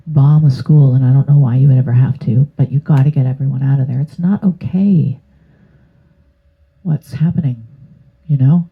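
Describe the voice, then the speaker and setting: Low and breathy-edged, this tarot reader's voice comes through with a tinny, phone-like quality. She offers a casual reading to her channel, rambling and hesitant and full of fillers.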